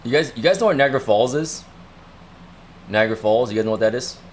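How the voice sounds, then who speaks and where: A man hosting a casual livestream, talking in an excited, rambling way and often repeating himself. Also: mid-range voice, fast, a little hiss or hum. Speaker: livestream host. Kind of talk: casual chat.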